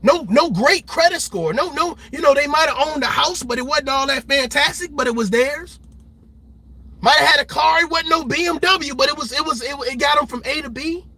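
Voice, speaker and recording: A man's voice: very high voice, normal speed, pushed and bright. A man giving passionate reaction commentary, preaching at his viewers and acting out the people he quotes. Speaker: commentary host.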